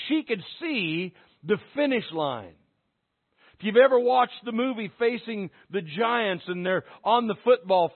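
A man preaching a sermon to his church with passion, dropping to a hush and then rising to a shout. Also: sits high. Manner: impassioned, swinging from hushed to shouting. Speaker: pastor. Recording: tinny phone-like sound.

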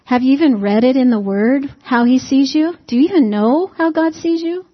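At normal speed and with a high voice, a woman delivers a folksy, conversational sermon full of rhetorical questions for the congregation and humorous asides. It's captured in a dull, lo-fi recording.

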